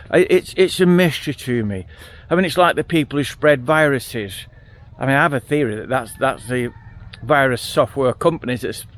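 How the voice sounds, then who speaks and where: A middle-aged man, chatting casually to camera outdoors by a farm field. He tells his story bluntly, with frequent restarts. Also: a little high. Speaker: vlogger.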